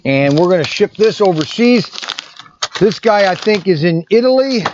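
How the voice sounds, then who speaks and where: A man talks in a loose, rambling way, often restarting his sentences, as he packs orders in his shop. His voice sits a little high for a man. The recording is somewhat dull and lo-fi, with a faint hiss behind him. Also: lively intonation, moderate pace. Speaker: toy shop owner. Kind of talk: casual vlog while packing orders. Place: indoor shop packing area. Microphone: separate mic system away from the camera.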